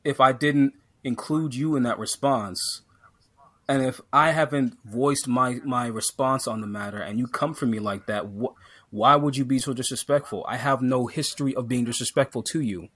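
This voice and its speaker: A man holds the mic on a laid-back podcast and rants, tripping over his own restarts as he builds up steam. His voice sits at an ordinary middle pitch. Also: normal speed. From Jamaican heritage. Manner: animated ranting, many restarts and fillers. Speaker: podcast co-host. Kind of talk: casual podcast rant.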